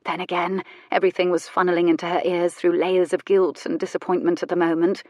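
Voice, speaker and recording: A woman narrating a romance audiobook in a measured, even storytelling manner. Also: on the low side, no room sound, studio quality.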